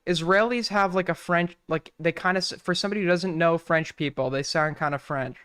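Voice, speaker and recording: A male streamer with a high, crisp voice rambles through crude, irreverent commentary. The sound is dry and close. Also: fairly quick, fairly bright tone, dry recording. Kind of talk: casual live-stream commentary.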